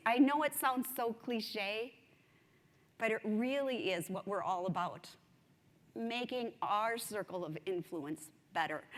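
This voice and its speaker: A woman giving a conference speech, telling a story in an animated, self-mocking way. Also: fairly high pitch. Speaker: conference speaker. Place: large conference hall. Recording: long hall reverb.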